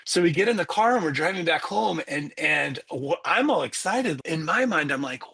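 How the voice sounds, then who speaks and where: A man's voice: fairly high pitch, normal speed, creaky, slightly rough. A middle-aged man, a guest coach, telling a personal story in conversation and acting out the people in it. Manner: animated storyteller, acts out the people in his story.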